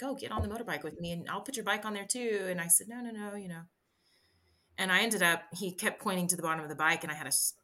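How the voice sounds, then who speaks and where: A woman guest in an interview, recounting a personal story in a halting, candid way with many restarts. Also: on the low side, pushed and bright. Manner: halting, frequent restarts and fillers. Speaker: interview guest, bikepacking racer.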